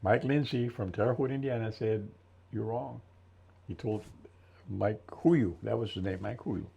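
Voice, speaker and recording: A man in his seventies, an interview guest and military veteran, telling his story slowly and thoughtfully with many restarts in a gravelly voice. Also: on the low side, dark tone. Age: 70s. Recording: dull lo-fi recording.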